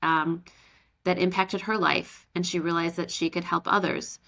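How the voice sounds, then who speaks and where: Friendly woman co-host, slightly low voice. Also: little pitch movement, normal speed, vocal fry, fairly bright tone. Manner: friendly, enthusiastic. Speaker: podcast co-host. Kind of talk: podcast interview hosting.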